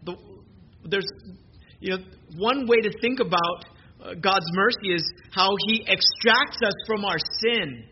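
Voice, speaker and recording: High-voiced man preaching a sermon. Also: measured pace. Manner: earnest, with frequent repeated words and restarts. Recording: muffled lo-fi sermon recording with background noise.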